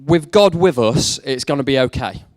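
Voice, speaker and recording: A man's voice: mid-range voice, lively intonation, moderate pace, a little mellow, dry recording, studio quality. A young man preaching a sermon, mixing faith talk with self-deprecating jokes about his past. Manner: jokey, self-deprecating storytelling. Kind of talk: sermon with personal stories.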